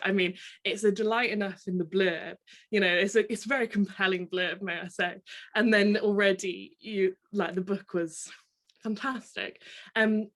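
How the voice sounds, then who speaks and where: A woman hosts an interview, introducing her guests and asking loose, friendly questions. She talks in a chatty way with many fillers. Her voice is mid-pitched. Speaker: host.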